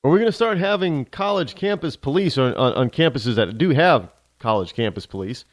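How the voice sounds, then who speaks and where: A man's voice: medium pitch, lively intonation, a little fast, dry recording, studio quality. A male talk show host delivering a sarcastic, ranting opinion monologue, switching into mock voices.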